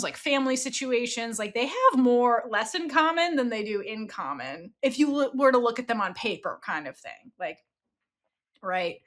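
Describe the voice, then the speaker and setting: A woman co-hosting a podcast, talking in a lively, sing-song way with a bright, slightly raised voice. She laughs a lot and swears freely as she chats. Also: on the high side. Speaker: podcast co-host. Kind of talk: casual podcast chat reviewing a TV series.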